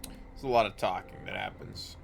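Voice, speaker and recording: A man's voice: low voice, steady tone, moderate pace, creaky, faint music behind. A man streaming a game live, chatting casually and reading the game's narration aloud with the odd stumble.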